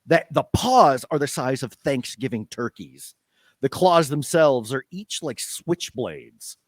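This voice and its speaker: A man narrating as game master, lively and unhurried, with many fillers. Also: medium pitch, no echo, clean studio sound.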